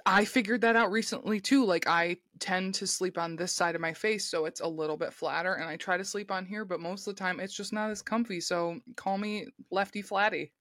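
A woman's voice: mid-range voice, steady tone, brisk, hardly any pauses, a bit bright, no echo, studio quality. A woman co-hosting a podcast in casual chat, giggly and playful, sometimes breaking into sing-song. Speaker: podcast co-host.

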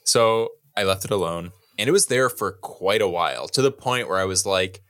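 A young man co-hosting a podcast, telling a long story in a casual, animated, self-mocking way and swearing freely. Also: low-pitched, normal speed, smooth. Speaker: podcast co-host.

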